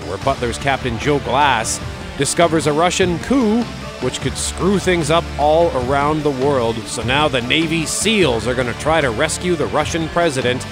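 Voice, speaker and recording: Man podcast co-host, breezy movie chat, animated pitch, light music bed under the voice.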